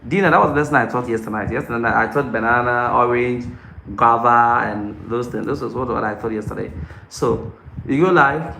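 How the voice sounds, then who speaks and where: A man acting out an English lesson for young kids, repeating words in sing-song calls, then explaining quietly. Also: medium pitch, a little fast, vocal fry. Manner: repetitive sing-song teacher calls alternating with quiet asides. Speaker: English teacher giving advice. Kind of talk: mock classroom demonstration with explanation. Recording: echoey room with faint noise.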